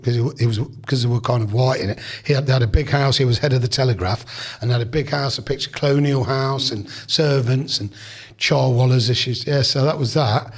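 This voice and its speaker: Husky-voiced man in his sixties reminiscing. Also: medium pitch. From England. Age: 60s. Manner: rambling, chatty, with restarts and asides. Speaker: podcast guest. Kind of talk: casual storytelling.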